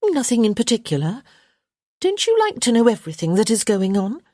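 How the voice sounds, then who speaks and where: A woman's voice: on the high side, wildly swooping pitch, fairly quick, dark tone, dry recording, studio quality, voice pushed up. A woman voicing a frank, curious young society lady who teases and speaks her mind. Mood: eager. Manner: frank and teasing.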